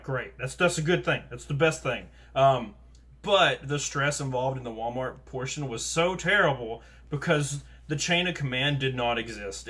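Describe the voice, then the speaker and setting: Animated man telling work stories. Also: mid-range voice. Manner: animated storytelling, acting out quoted people. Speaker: podcast host. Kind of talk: casual chat.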